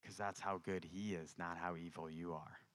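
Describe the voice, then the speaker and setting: A young man from Louisiana giving an impassioned testimony sermon, rising to loud outbursts and dropping to whispered prayers. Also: low voice, steady tone, normal speed. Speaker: preacher.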